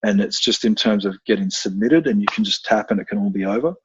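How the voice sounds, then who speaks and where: A man talking as a podcast guest, blunt and profane, telling animated stories in casual conversation. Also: lowish voice, fast talker, breathy edge, no echo, dull audio. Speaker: podcast guest, combat instructor.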